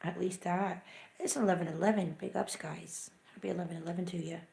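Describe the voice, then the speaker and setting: A woman's voice: fairly low pitch, fairly even intonation, fairly quick, creaky, mellow, a little hiss or hum. A woman hosting a casual livestream, chatty and self-mocking, often muttering half to herself. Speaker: livestream host. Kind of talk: casual live chat. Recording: echoey room.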